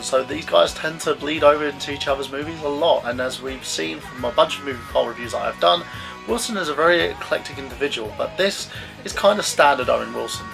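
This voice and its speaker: A young man with a bright, gravelly voice talks through a film review. He is blunt, chatty and opinionated. Faint music plays behind him. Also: fairly high pitch. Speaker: movie reviewer.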